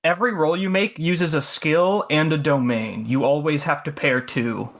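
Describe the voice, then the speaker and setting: A man's voice: fairly high pitch, steady tone, normal speed, a bit bright. A man playing a tabletop game, talking casually and rambling with many fillers. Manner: rambling, laughing, lots of "like". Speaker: player. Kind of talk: casual tabletop play chat.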